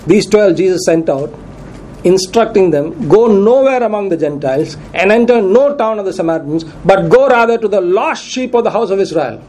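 A man's voice: sits high, expressive, moderate pace, darkish tone, low-quality recording. A man preaching a sermon who reads scripture aloud, cites verses and repeats questions to his congregation for emphasis.

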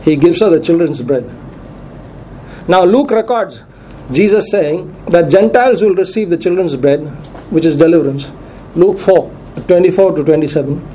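A man's voice: fairly high pitch, expressive, normal speed, dark tone, a little hiss or hum, poor audio. A man preaching a sermon who reads scripture aloud, cites verses and repeats questions to his congregation for emphasis.

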